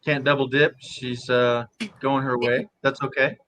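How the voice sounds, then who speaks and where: An easygoing man hosting a live chat, talking in a loose, relaxed way and chuckling now and then. His voice sits at an ordinary middle pitch. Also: measured pace, a little hiss or hum. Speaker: host of a live stream. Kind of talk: casual chat.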